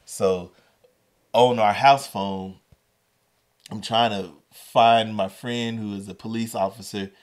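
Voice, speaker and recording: A man with a fairly low voice hosts a storytelling podcast. He tells his stories with energy, acting out the voices and shifting his pace for effect. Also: fairly even intonation, slow pace, long pauses. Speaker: podcast host and educator.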